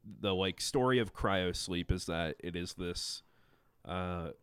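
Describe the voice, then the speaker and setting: A young man chatting as a podcast guest, halting with lots of fillers and restarts. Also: deep voice, fairly bright tone, clean tone. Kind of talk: casual chat.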